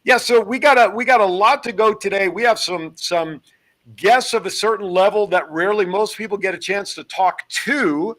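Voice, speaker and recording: A man with a high voice hosts a live show from a television studio. He keeps things jokey and upbeat and rattles off announcements in quick patter. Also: a bit bright. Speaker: host.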